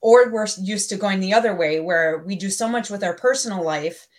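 A woman's voice: mid-range voice, fairly quick. A woman from Wisconsin, a guest on a live talk show, who laughs easily and thinks aloud as she answers. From Wisconsin, USA. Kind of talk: interview answers.

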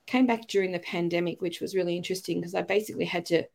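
A woman's voice: fairly low pitch, steady tone, very fast, vocal fry, a little mellow. A middle-aged woman with an Australian accent, a podcast guest talking in a rambling, chatty way with light laughs between phrases. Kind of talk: casual interview chat.

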